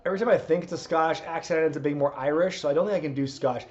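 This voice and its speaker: A man with a fairly high voice chats casually through a live wrestling watchalong, reacting and laughing as he goes. The recording is dull and lo-fi. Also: rapid-fire. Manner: chatty, laughing, reacting to the action. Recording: muffled lo-fi audio.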